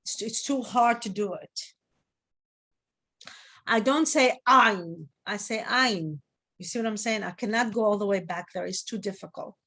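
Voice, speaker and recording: Patient woman teaching a class online, checking on her students. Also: medium pitch. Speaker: Hebrew teacher.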